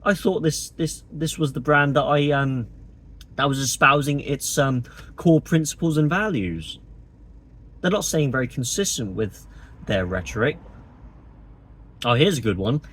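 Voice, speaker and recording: Husky man ranting sarcastically. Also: fairly high pitch, expressive, measured pace, long pauses, a bit bright. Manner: sarcastic, indignant, exasperated. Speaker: political vlogger. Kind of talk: opinionated monologue to camera.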